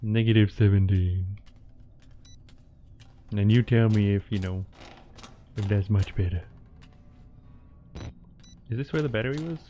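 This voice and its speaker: Male streamer, playful running commentary, relaxed slow delivery, faint noise behind. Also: lowish voice. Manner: playful, joking with chat. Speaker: game streamer. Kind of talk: live gameplay commentary.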